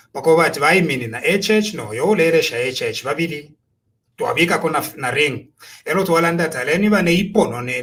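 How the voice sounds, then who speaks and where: A man's voice: a little high, fairly bright tone. A man with a Zambian accent giving impassioned, preachy political commentary, full of rhetorical questions. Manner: preachy, rhetorical, switching between Bemba and English.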